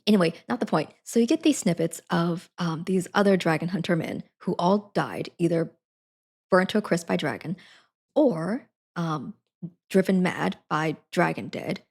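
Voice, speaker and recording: A young woman chats casually on a live stream about a book she read, rambling, giggling and correcting herself as she goes. Her voice sits on the low side with a steady gravelly fry. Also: normal speed. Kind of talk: casual book review chat.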